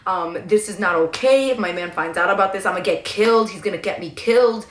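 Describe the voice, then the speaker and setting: A woman's voice: medium pitch, a little fast, close to an everyday voice. A woman voicing her paranoid, frantic young female friend in slangy speech, in an echoey room. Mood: panicked.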